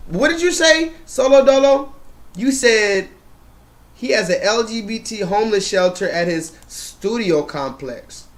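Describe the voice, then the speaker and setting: Male streamer, high-pitched, profane mocking rant to his chat. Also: lively intonation, a little slow. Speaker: live stream host. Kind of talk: ranting live stream commentary.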